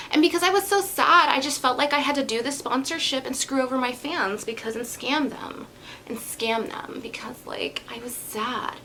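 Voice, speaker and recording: A woman parodying a self-pitying female beauty influencer in a high, whiny, mocking voice. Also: pushed and bright, a little hiss or hum.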